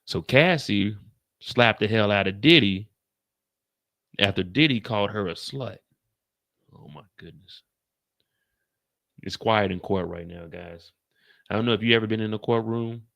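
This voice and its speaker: Guy on a live stream reading court news, low gravelly voice, swears a lot, drops to a whisper sometimes. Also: moderate pace, fairly bright tone. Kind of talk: casual live commentary reading court updates.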